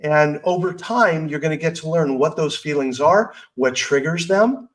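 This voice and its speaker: A middle-aged man hosts a personal growth podcast, giving a motivational talk in a slightly high voice at a moderate pace. He sounds earnest and candid, chatting conversationally and slipping in asides to himself. The recording quality is low.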